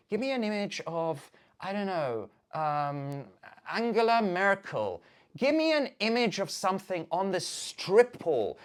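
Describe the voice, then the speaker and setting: A woman in a casual, profane monologue, ranting in an animated, theatrical way. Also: mid-range voice. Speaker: video maker.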